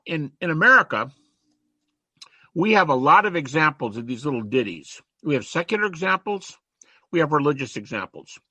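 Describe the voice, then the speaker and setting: A man giving an online lecture, animated and chatty, reciting rhymes and quotes as he teaches over a video call. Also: fairly high pitch, slightly rough, dry recording.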